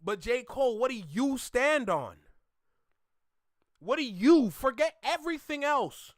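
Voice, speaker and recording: A man in casual commentary, animated and mocking, laughing often as he reacts to a clip. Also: very high-pitched, unhurried, no echo, clean studio sound.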